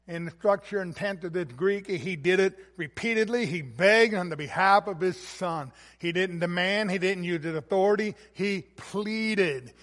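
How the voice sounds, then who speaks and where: High-voiced preaching man in an echoing hall. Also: normal speed. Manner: earnest preaching with fillers and restarts, varying loudness. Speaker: pastor. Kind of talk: sermon. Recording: long echo of a large hall.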